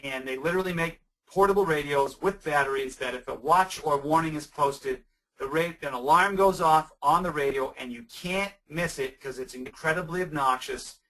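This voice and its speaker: Bright-voiced man answering webinar questions. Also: fairly high pitch, moderate pace, distant mic, poor audio. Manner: conversational and emphatic, frequent restarts. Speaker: webinar presenter and camp weather safety trainer.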